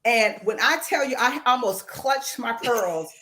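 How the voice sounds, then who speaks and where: Bright, lively woman telling a story. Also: fairly high pitch, unhurried, slight background noise. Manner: animated storyteller, acts out quotes. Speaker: radio show co-host. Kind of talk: casual chat. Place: radio studio.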